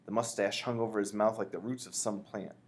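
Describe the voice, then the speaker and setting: A man reading a children's book aloud, expressively, pausing to explain. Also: lowish voice, fairly even intonation, slight background noise. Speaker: reader.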